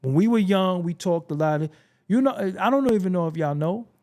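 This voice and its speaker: A man's voice: sits high, lively intonation, fairly quick, a little mellow. A man from Brooklyn with a Brooklyn accent, hosting a casual commentary monologue in a blunt, preachy way, swearing freely. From Brooklyn, New York. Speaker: show host.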